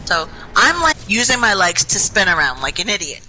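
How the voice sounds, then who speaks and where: A woman's voice: medium pitch, very animated, normal speed, pushed and bright, slight background noise, poor audio. A young woman telling a rambling, self-mocking story in casual chat over voice chat while gaming. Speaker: gaming group member.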